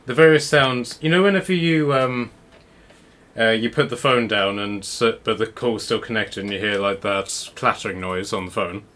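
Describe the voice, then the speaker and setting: A man's voice: on the low side, normal speed, a bit bright. A man narrating as game master, rambling a little with restarts as he describes the scene. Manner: rambling, many restarts and fillers.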